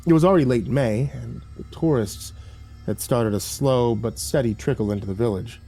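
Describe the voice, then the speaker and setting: A man reading a horror story aloud as narrator in a measured storytelling manner. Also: medium pitch, creaky, dark tone, soft background music.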